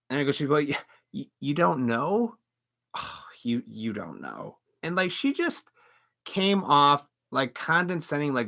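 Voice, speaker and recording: A man's voice: medium pitch, sharp tone. A man hosting a live stream, telling a story in a casual, indignant, profanity-laced rant full of restarts.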